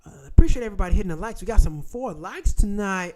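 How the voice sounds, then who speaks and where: Host, man, blunt and profane, high-pitched and animated. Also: fast talker, few pauses. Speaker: channel host. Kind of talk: casual livestream talk.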